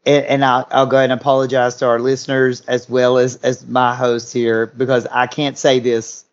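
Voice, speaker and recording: A man's voice: mid-range voice, completely flat delivery, moderate pace. Chatty man on a lo-fi podcast. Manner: chatty and self-deprecating, trips over his words. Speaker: podcast co-host. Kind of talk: casual podcast chat.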